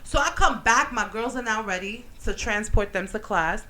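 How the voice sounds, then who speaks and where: A young woman hosting a radio show, telling stories in a slangy, animated way with plenty of laughter. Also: mid-range voice, normal speed, low-quality recording. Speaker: radio show host and teacher. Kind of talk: casual radio banter and storytelling. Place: radio studio.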